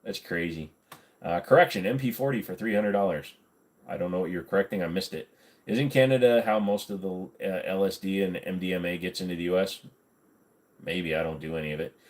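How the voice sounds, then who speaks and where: A man's voice: low-pitched, brisk, darkish tone. A man hosting a casual livestream, reading chat and joking around, slipping now and then into goofy voices. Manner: chatty, jokey, slips into goofy voices.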